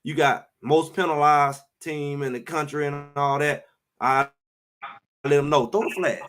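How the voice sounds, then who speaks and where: A man hosting a live sports talk show, ranting with heat and repeating himself for emphasis. He speaks a with a somewhat raised pitch. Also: fairly even intonation, unhurried, a bit bright. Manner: fired-up, emphatic, repeats phrases. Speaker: show host.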